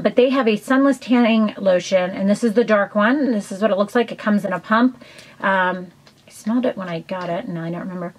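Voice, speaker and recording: A woman's voice: mid-range voice, poor audio. A woman chatting casually in a beauty haul video, enthusiastic and rambling with lots of ums and side comments. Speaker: beauty vlogger.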